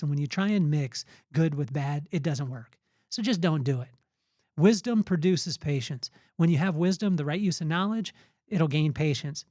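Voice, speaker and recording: A man's voice: fairly high pitch, warm tone, dry recording, clean studio sound. A middle-aged man hosting a podcast. He gives an earnest, emphatic motivational talk on faith in a conversational way. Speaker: podcast host.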